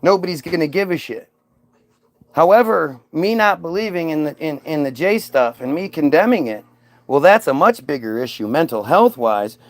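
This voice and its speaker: A man on a livestream tears into viewer comments with mocking, confrontational sarcasm. His voice is on the high side, animated, and at a normal speed.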